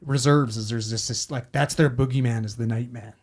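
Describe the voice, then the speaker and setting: A man's voice: medium pitch, steady tone, brisk. A man, a paramedic telling a story in casual podcast chat, profane and rambling as he acts out quotes.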